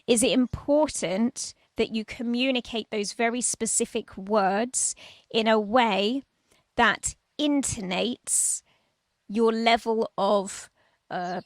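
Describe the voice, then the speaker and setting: A woman's voice: medium pitch, no echo. A woman giving parenting advice in a conversational, emphatic way, holding a microphone outdoors. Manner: emphatic, conversational, demonstrates tones with her voice. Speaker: parenting coach. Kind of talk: informal talk to camera. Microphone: handheld microphone.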